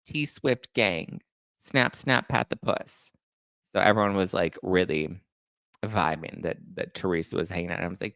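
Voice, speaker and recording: A man hosting a casual celebrity gossip show, talking in a campy, shade-throwing way with quick asides. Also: fairly low pitch, fairly bright tone, no echo, studio quality. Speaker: podcast host.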